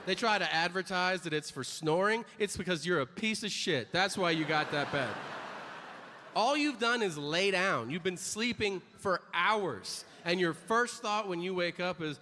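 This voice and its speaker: Man doing stand-up, somewhat high voice, profane exasperated rants, long hall echo, audible room ambience. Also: animated, unhurried, noisy background. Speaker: stand-up comedian. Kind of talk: stand-up comedy set.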